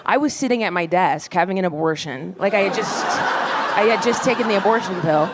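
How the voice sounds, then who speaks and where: A woman stand-up comedian telling a story in a wry, quick, self-deprecating way, on a club stage with a handheld mic. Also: medium pitch. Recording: live club recording with crowd noise. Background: audience laughter.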